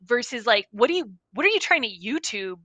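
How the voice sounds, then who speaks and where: A woman co-hosting a casual chat show, animated and thinking aloud as she reads out facts. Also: a little high, brisk, no echo. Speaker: podcast co-host.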